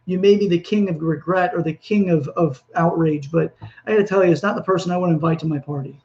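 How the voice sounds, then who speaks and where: Delivering a motivational monologue on his podcast, a man speaks earnestly and quickly, rambling and frequently starting over. His fairly high voice is a little mellow, and the sound is lo-fi.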